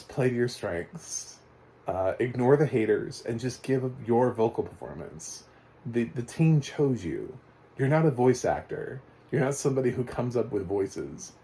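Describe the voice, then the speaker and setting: Male film reviewer, talkative and loose, lowish mellow voice. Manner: rambling, chatty, laughs often. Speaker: movie reviewer. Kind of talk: casual spoken film review.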